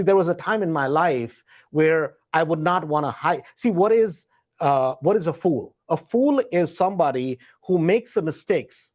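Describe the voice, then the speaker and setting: A man's voice: on the high side, a little mellow. A man hosting a live question-and-answer session, talking casually and often checking in with "right?" while acting out quoted thoughts. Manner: conversational, frequent "right?" tag questions; acts out quoted inner voices. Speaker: host. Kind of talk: live Q&A talk.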